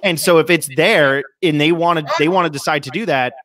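A woman's voice: low voice, brisk, noisy background. A woman hosting a podcast, chatting casually and rambling with many fillers. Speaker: podcast host. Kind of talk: casual chat.

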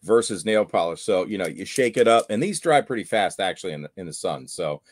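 Man, lower register, laid-back live-stream guest, anecdotal, repeats catchphrases, dry close mic. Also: lively intonation, fairly quick, dry recording. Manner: storytelling, repeats catchphrases like "there you go". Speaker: guest angler. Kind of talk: casual live-stream chat.

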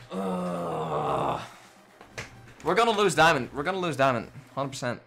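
A man's voice: medium pitch, wildly swooping pitch, unhurried, fairly bright tone, soft background music. A man livestreaming a shooter game, talking in an exasperated, swear-heavy casual rant to his viewers. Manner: exasperated, swearing, ranting after a loss. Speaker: gaming livestreamer. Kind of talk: casual live commentary.

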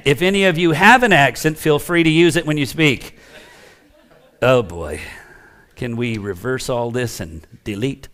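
A man's voice: medium pitch, lively intonation, a little slow, a bit bright. A man preaching a teaching sermon as pastor, talking emphatically in a conversational way and making asides to the congregation.

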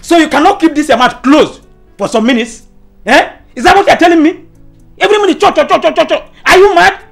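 An exasperated Nigerian-accented father, shouting hard at his wife and then humbly apologizing. His mid-range voice leaps widely in pitch. Faint music runs behind. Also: animated, normal speed. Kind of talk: film drama acting.

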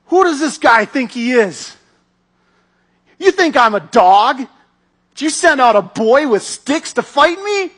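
A man voicing a taunting giant warrior who shouts mocking challenges in a raised, husky voice. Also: very high voice, sing-song, slow pace, long pauses, voice pushed up, heavily acted. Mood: scornful.

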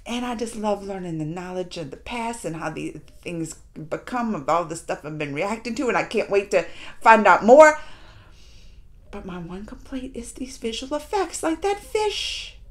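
A woman hosting a casual spoken review video. She talks in an animated way with laughs and acted quotes, sometimes dropping to hushed asides. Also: medium pitch, normal speed. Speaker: reaction video host.

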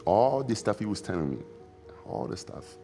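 A man, an interview guest recalling events in a halting, reflective way, repeating phrases with loose grammar. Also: fairly low pitch, sing-song, mellow, soft background music. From Democratic Republic of the Congo. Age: 40s. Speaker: interview guest, former basketball player. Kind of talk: emotional recollection in a sit-down interview.

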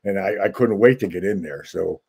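A man in his seventies, a guest actor telling relaxed stories in casual chat. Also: deep voice, a little fast, creaky, husky.

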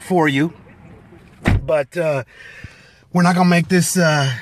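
A man's voice: high voice, unhurried, pauses often, background noise. A middle-aged man, out of breath after a workout, talking bluntly and energetically from his car into a phone on a live stream, with lots of fillers. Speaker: motivational business speaker. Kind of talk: casual live-stream talk.

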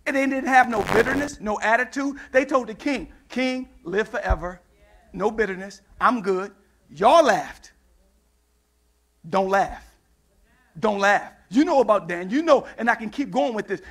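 A male preacher with a very high, bright voice works through his sermon in call-and-response fashion. He acts out the Bible scenes in different voices and rises into shouted passages. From United States.

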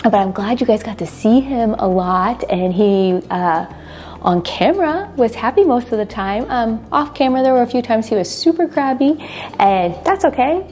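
A middle-aged woman vlogging in a casual, chatty way, tired and unwell, a little emotional, with fillers and soft laughs. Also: medium pitch. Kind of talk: casual vlog chat to camera.

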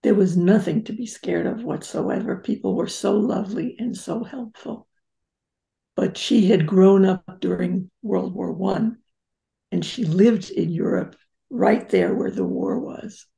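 Older woman with a gravelly voice. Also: medium pitch, a little slow, dark tone. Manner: reflective, anecdotal, emphatic. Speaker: psychotherapist guest. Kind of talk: interview storytelling.

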